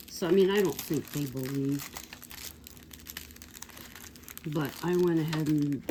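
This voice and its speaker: A woman's voice: low-pitched, normal speed, noisy background. A woman in her sixties rambling through an old story for her vlog, with digressions and asides to viewers. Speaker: vlogger. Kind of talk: casual storytelling.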